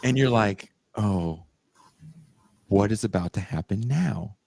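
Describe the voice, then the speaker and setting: A man with a very low, deep voice co-hosts a podcast in casual chat. He retells a story with animated energy and jumps into sudden high shrieks when he acts out the quotes. The sound is dry and close to the mic. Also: slow, gravelly, dry recording. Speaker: podcast co-host.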